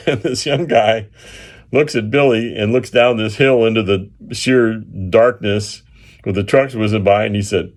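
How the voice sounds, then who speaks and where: A man, an engineer, telling a field story in a casual, unhurried way, with filler pauses and chuckles. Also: fairly low pitch.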